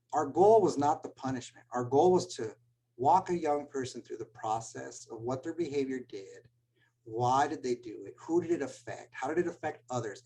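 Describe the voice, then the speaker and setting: A man's voice: mid-range voice, dark tone, breathy edge, rough recording. Earnest man telling school stories. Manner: earnest storytelling, gets choked up. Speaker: school administrator. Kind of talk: webinar talk.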